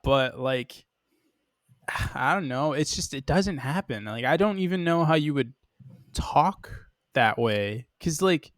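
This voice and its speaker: A man from Boston co-hosting a podcast in casual chat, animated and laughing, with rambling asides and the odd swear word. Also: mid-range voice, slow pace, no echo, clean studio sound. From Boston, USA. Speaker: podcast co-host.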